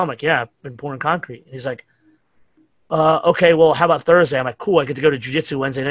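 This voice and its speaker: A man's voice: a little high, fast, fairly bright tone, dry recording. A middle-aged man with a New York accent, telling rambling, profane stories as a podcast guest. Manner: profane, rambling anecdotes with acted-out quotes. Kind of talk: casual storytelling chat.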